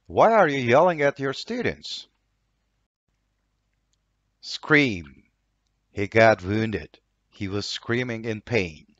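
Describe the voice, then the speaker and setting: A man's voice: mid-range voice, fairly bright tone, no room sound, muffled recording. A man with a Turkish accent teaching English vocabulary, saying each word twice and reading an example sentence. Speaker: language teacher.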